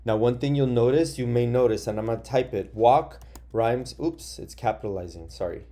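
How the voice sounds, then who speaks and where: A male teacher giving a recorded phonics lesson to young children from his office, patient and slow, spelling words out letter by letter. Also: mid-range voice, dark tone.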